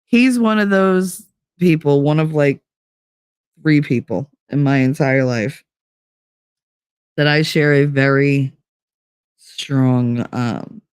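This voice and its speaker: Animated, foul-mouthed woman telling stories. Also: deep voice, slow, long pauses, clear, resonant tone, no room sound, clean studio sound. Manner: animated, swears freely, acts out quoted voices. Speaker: streamer. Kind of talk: casual late-night storytelling.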